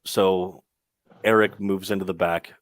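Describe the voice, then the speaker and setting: A young man with a low voice runs a tabletop game, talking his way through the scene with plenty of ums and restarts. The sound is dry and close, with little room around it. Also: steady tone, a little slow, no echo. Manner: rambling, full of ums and restarts. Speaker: game master.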